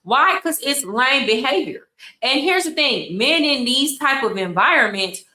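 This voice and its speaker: A woman's voice: sits high, expressive, unhurried, pushed and bright, reverberant, poor audio. A woman, hosting casual commentary in a blunt, exasperated way and repeating her points for emphasis. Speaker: commentary host.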